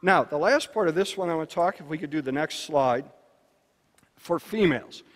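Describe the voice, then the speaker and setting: A man speaking at a luncheon, giving an educational talk to parents in an animated, storytelling manner. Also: normal speed. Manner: animated storytelling with shifts in pitch and loudness. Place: banquet hall. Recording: reverberant hall.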